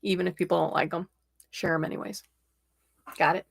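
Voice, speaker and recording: A young adult woman hosting a casual livestream tarot reading, chatty and excitable, laughing often. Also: lowish voice, fairly quick, vocal fry, breathy edge, no room sound, studio quality. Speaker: tarot reader and livestream host.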